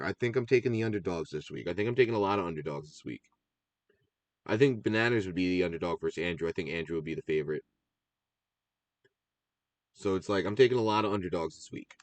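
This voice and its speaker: A man's voice: low voice, lively intonation, quick pace, no room sound. A man co-hosting a casual recap show, chatting about his picks in a rambling, enthusiastic way and drifting into tangents. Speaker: podcast co-host.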